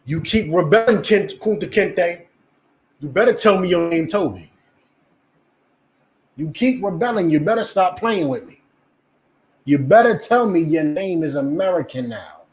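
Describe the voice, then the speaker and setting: A man's voice: high-pitched, slight background noise. A man with a New Jersey accent preaching a fiery street sermon, swearing and acting out the voices he quotes.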